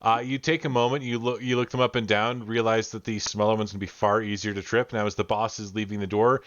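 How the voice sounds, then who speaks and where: Game master, male, low voice, dry and dull call audio. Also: little pitch movement, quick pace, fairly bright tone, no echo. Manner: casual, with fillers and restarts. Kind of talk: narrating a tabletop game. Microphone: video call.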